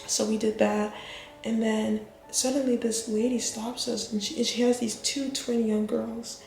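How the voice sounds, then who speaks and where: A woman's voice: a little high, little pitch movement, unhurried, creaky, a little mellow. A woman vlogging casually to camera, chatty and emotional, calling her viewers y'all. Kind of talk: casual vlog talk to camera. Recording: echoey room with faint music.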